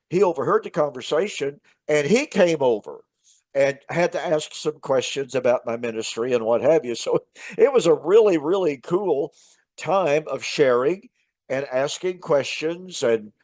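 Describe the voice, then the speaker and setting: A man, a minister hosting his show, telling a casual personal story in a chatty, relaxed way with many "uh" fillers. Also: fairly high pitch, no echo.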